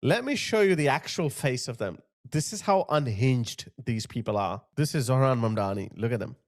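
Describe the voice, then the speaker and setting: A man's voice: expressive, normal speed. A man giving mocking reaction commentary on clips, now and then mimicking people he mocks. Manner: scornful, mocking, mimics others in a high voice. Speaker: political commentator.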